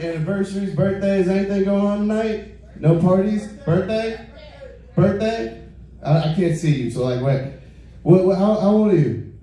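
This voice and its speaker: A young man doing a stand-up set, leaning on "like" in nearly every phrase and chatting with the audience between bits. His voice sits a bit high with a mellow, dark tone. It is caught from a distance in a very echoey club. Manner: chats with the crowd. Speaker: stand-up comedian. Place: comedy club stage.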